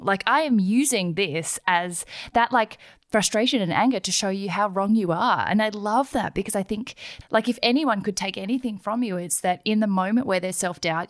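Woman host, effusive, encouraging, mid-pitched voice, dry close sound. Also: moderate pace, no room sound. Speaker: podcast host. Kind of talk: casual interview chat.

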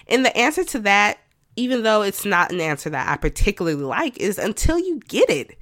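A woman's voice: medium pitch, sing-song, brisk, fairly bright tone, no room sound, studio quality. A woman hosting her own podcast, talking candidly and conversationally about herself, with self-talk asides and light laughs. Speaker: podcast host. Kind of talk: personal reflective monologue.

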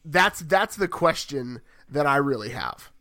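A man with a bright, forward voice pitched a little high, co-hosting a casual podcast. He rambles and corrects himself as he thinks aloud. The sound is close and dry. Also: expressive, a little slow, no room sound. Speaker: podcast co-host. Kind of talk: casual chat.

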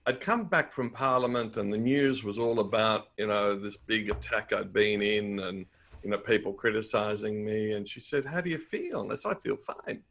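A man's voice: on the low side, fairly even intonation, normal speed, a bit bright. A middle-aged man with an Australian accent, a guest in a conversational interview, telling upbeat anecdotes. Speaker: guest, author and speaker.

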